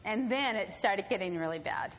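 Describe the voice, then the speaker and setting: Woman storyteller, animated, acts out voices, long hall reverb, faint ambient hum. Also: medium pitch, normal speed. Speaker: storyteller speaking to an audience. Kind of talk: personal storytelling.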